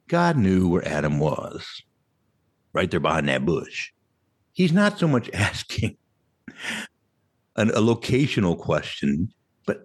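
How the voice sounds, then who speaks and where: A man preaching a sermon as a Catholic priest, animated and conversational, with frequent rhetorical questions to the congregation. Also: deep voice, slow, pauses often.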